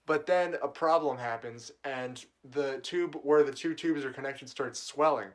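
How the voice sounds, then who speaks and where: A man's voice: medium pitch, a little slow. A man co-hosting a podcast in casual chat, laid-back and chuckling as he nitpicks film details. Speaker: podcast co-host. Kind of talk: casual movie recap chat.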